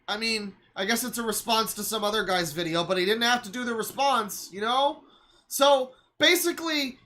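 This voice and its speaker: Bright-voiced man ranting in exasperation. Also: very high-pitched. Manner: sarcastic. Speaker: streamer. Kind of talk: live stream reaction commentary.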